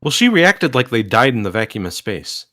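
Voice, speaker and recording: A young man co-hosts a casual review chat, dropping wry quips and short agreeing replies. His pitch sits in the middle of the male range and moves up and down a lot. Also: very animated, moderate pace, pushed and bright, dry recording, clean studio sound. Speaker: podcast co-host.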